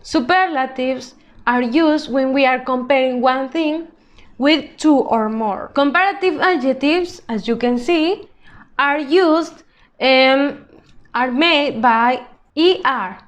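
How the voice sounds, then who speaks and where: A woman's voice: high voice, slow pace, lo-fi sound. A woman teaching an English grammar lesson to children, speaking patiently and drawing out example words to model them.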